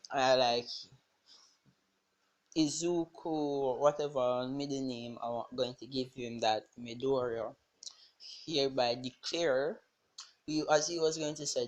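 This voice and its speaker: Guy making up a fan story as he goes, lots of likes and restarts, rambly. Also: medium pitch. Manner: rambling, halting, many restarts and fillers. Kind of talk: improvised fan-fiction storytelling.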